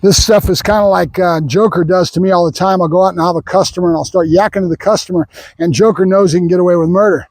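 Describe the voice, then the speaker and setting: High-voiced opinionated older male dog trainer. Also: fairly even intonation, quick pace, low-quality recording. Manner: opinionated, rambling, breaks off to praise the dog. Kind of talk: training vlog with running commentary.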